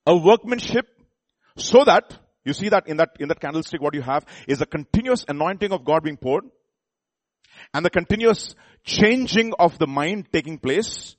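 A man delivering a sermon in a fairly high voice, talking to the congregation as if chatting with them. He keeps asking them questions and often restarts and repeats his words. The sound is dry and close, with little room echo. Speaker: preacher.

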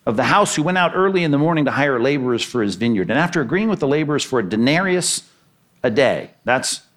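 A man preaching a sermon, reading scripture and acting out the characters' voices with lively energy. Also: medium pitch, fast talker. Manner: animated, acts out the characters' lines in the parable. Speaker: pastor.

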